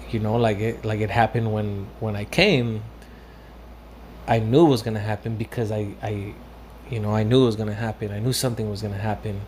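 A man's voice: fairly low pitch, fairly even intonation, brisk, vocal fry, slight background noise. A young man telling a story in a casual, rambling way, full of fillers and swearing, slipping into Spanish phrases now and then. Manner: profane, rambling with many fillers.

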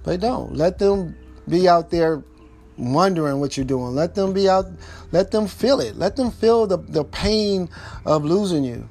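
A man's voice: high-pitched, expressive, measured pace, creaky, a little mellow, soft background music. A man giving casual relationship advice, repeating his points emphatically and speaking informally straight to the listener. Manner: informal speech with double negatives.

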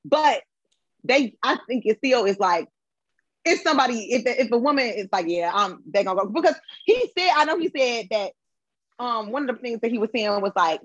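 Podcast guest, woman, higher voice with a husky edge, dull muffled sound. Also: lively intonation, moderate pace, fairly bright tone, dry recording. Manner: conversational, repeats filler words. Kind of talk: casual podcast chat.

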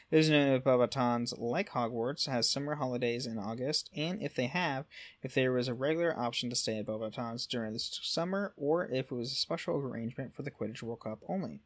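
A man co-hosting a casual podcast, reading through lore notes with frequent fillers and self-corrections. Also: medium pitch. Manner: reads notes with frequent fillers and self-corrections, stumbles over French words. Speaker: podcast co-host.

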